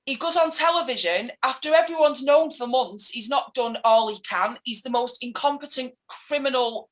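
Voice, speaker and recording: In a casual political interview, a woman with a Mancunian accent speaks as an activist guest, her voice sitting high over poor audio. She rants passionately about politics and is quick to mimic the people she criticises.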